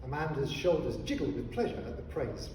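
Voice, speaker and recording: A man narrating a children's story in an expressive, animated reading style. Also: mid-range voice, fairly quick, far from the mic. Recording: echoey hall, voice heard from afar, faint noise.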